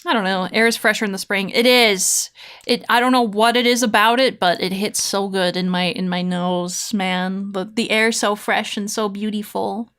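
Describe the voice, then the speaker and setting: Woman streamer, casual chat, giggly, rambling, silly sound effects, medium pitch. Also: fairly even intonation, normal speed, fairly bright tone, smooth.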